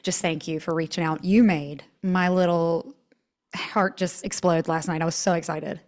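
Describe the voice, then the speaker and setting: A woman's voice: on the low side, steady tone, normal speed. A woman with a Southern US twang, hosting a casual interview in a bubbly, gushing way. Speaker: podcast host.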